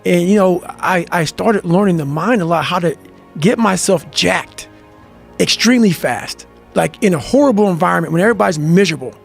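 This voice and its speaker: A man's voice: high voice, expressive, brisk, gravelly. A man telling intense motivational stories in an emphatic, profane, fiery manner. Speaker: guest. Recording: music bed under the voice.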